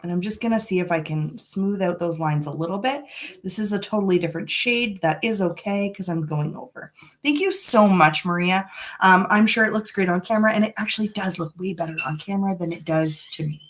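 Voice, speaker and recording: A woman's voice: lowish voice, brisk. A woman chatting frankly and a little dramatically through a live makeup tutorial from her home. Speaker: beauty vlogger. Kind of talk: casual live makeup chat. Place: home room.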